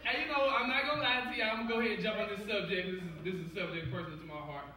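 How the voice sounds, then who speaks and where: A young man from Cincinnati in his twenties doing a stand-up set, telling stories in a loud, profane, animated way. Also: high-pitched, very fast. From Cincinnati, USA. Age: 20s. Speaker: stand-up comedian. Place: comedy club stage. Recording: echoey club, distant mic, loud crowd.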